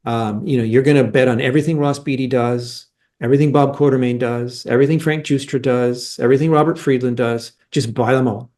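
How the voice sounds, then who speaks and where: A man's voice: mid-range voice, fairly even intonation, brisk, a little mellow. A middle-aged man giving explanatory interview answers as a mining analyst, emphatic and argumentative, with frequent restarts.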